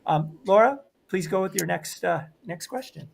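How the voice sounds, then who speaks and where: A man with a Boston accent and a slightly high voice hosts an interview. He affirms his guest often and passes along viewers' comments, filling pauses with "uh.". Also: animated, gravelly. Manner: affirming, relaying comments, with fillers. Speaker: host. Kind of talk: interview hosting.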